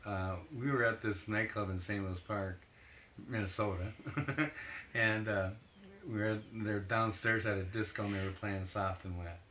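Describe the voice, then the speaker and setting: A man's voice: on the low side, a little slow, pushed and bright, slight background noise, poor audio. A man being interviewed as a photographer, telling long rambling anecdotes with laughs and acted-out quotes. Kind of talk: casual storytelling in an interview.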